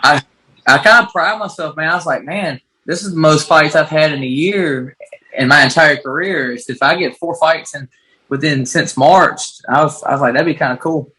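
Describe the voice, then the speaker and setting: A man's voice: fairly high pitch, normal speed, pushed and bright, rough recording. A man, a bare-knuckle fighter, answering interview questions in a laid-back, rambling way with lots of fillers.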